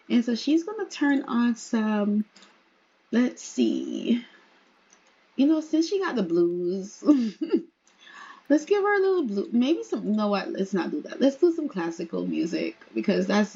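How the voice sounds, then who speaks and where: High, husky woman chatting through gameplay. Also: warm tone, lo-fi sound. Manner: chatty, giggly. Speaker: let's play host. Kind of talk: casual gameplay commentary.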